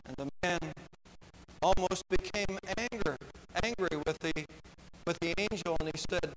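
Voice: medium pitch, unhurried, long pauses, poor audio. Earnest preacher, says things twice for emphasis, music under it. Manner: earnest, repeating phrases for emphasis. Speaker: pastor. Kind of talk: sermon.

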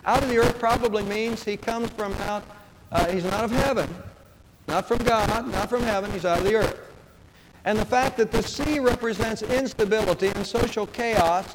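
A male pastor preaching a sermon to his congregation, asking rhetorical questions and answering them himself. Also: high voice. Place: church sanctuary. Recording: hall reverb with clear background noise.

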